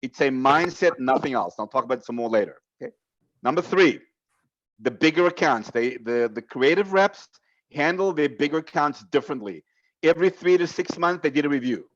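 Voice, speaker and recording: A man's voice: medium pitch, expressive, brisk, muffled recording. A man giving a motivational sales coaching talk on a team video call, emphatic and direct, laying out numbered points to his reps.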